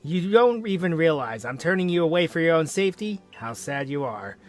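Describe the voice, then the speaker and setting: Man doing a swaggering game warden, self-important and lively in pitch, a bit high. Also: a little fast, soft background music. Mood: pompous. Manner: pompous, grandiose declarations. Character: boastful male clan warden, proud and dramatic.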